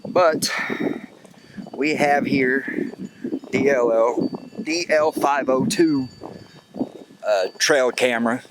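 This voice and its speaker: A man's voice: medium pitch, slow pace, long pauses, background noise. A man hosting an outdoor hunting and fishing show, talking in a joking, rambling way while cold outdoors by a creek. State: cold, shivering. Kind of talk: casual outdoor vlog talk.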